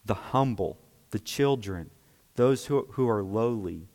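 A man's voice: lowish voice, animated, unhurried, a little mellow, in a large hall. A man preaching a sermon, explaining scripture emphatically and checking in with his listeners.

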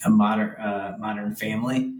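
A man's voice: lowish voice, steady tone, moderate pace. A young man speaking as an interview guest about becoming a father, rambling with many fillers and frequent laughs. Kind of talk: casual conversational interview. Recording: roomy, from a distance.

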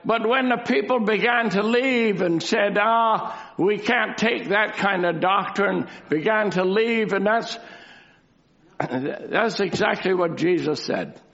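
A man's voice: sits high, takes it slowly, creaky, fairly bright tone. A man preaching a sermon, asking rhetorical questions and repeating key lines for emphasis. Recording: dull lo-fi recording.

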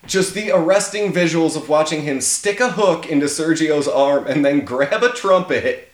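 A man's voice: fairly high pitch, moderate pace, roomy sound. A man co-hosting a casual movie discussion, enthusiastic and swearing freely, often breaking into laughs. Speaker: podcast co-host.

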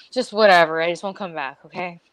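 A woman's voice: medium pitch, no echo. Woman, podcast co-host, casual storytelling, quotes people in their voices, laughs a lot, dry close sound. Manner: animated storytelling, acting out quotes, laughing often. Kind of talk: casual chat.

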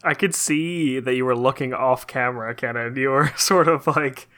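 A man's voice: mid-range voice, moderate pace, pushed and bright, dry recording. A man co-hosting a podcast in casual banter, wry and teasing, often laughing. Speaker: podcast co-host.

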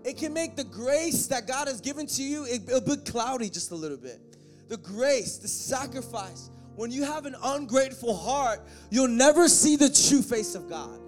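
A man preaching a sermon, joking with the congregation and swelling into shouted, half-sung passages. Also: extremely high pitch, animated, moderate pace. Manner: joking asides to the band and congregation. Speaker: pastor. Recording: faint music behind.

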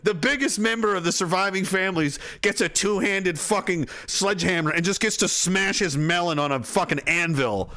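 A man ranting in a profane comedic style, excitable and mocking as he swears his way through the bit. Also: high voice.

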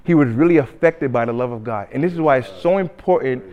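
A man preaching a sermon, telling a story with acted-out quotes and swings between loud and hushed delivery. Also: mid-range voice, quick pace, muffled recording. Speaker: pastor.

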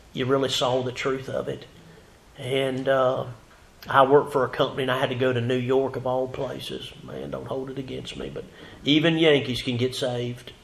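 A male pastor preaching a sermon in a church, rising to loud emphatic passages and dropping to near whispers. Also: medium pitch, reverberant. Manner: fervent preaching, swells loud then drops to a whisper. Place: church sanctuary.

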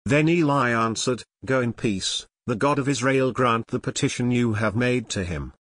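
A man reading a scripture passage aloud in a measured, even way for a church service. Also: mid-range voice, no room sound, clean studio sound. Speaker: scripture reader.

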